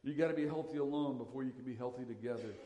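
A man's voice: medium pitch, very fast, dark tone, reverberant, big-room sound, a little hiss or hum. A man preaching a sermon as pastor, emphatic and repeating his key lines.

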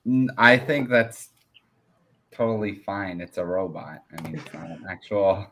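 A man in casual group chat, soft-spoken and hesitant, trailing off quietly. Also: lowish voice, expressive, a little slow, a crowd in the background.

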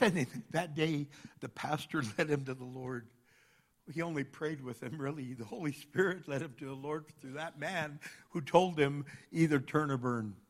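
A man preaching a sermon with a somewhat high voice. He is animated, jumping from loud bursts to quiet asides, and he acts out the people in his stories. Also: moderate pace. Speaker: pastor.

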